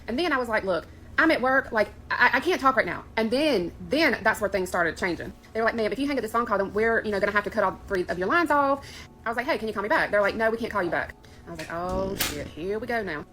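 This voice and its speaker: Fast-talking woman telling a story. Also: medium pitch, slight background noise, rough recording. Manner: animated, frustrated retelling. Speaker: person telling her scam story. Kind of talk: casual storytime.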